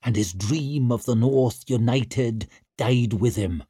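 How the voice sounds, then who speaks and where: A man voicing a sour, grim aging chieftain who speaks low and quietly. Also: slow, breathy edge, no echo, studio quality.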